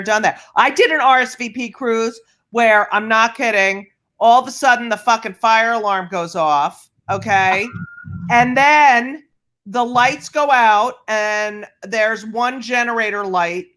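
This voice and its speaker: A woman's voice: fairly high pitch, measured pace, a bit bright. A woman comedian on a video call, telling blunt, profane stage stories and laughing through them. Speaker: comedian guest. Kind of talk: casual chat, telling stand-up stories.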